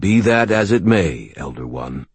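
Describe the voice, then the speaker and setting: A man puts on a vast, ancient being from an audiobook, speaking in stately, archaic phrases. The voice is resonant and very slow, each word weighed and formal. It is recorded close and dry, with no room sound. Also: low-pitched, lively intonation, breathy edge, no room sound, voice pushed up, exaggerated voice. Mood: solemn, respectful. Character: huge unseen ancient being, solemn and formal. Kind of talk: audiobook character voice.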